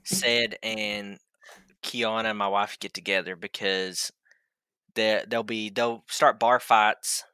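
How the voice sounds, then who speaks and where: A man's voice: lowish voice, takes it slowly, smooth. A man co-hosting a podcast, joking animatedly in casual chat. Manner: animated, jokey. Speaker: podcast co-host.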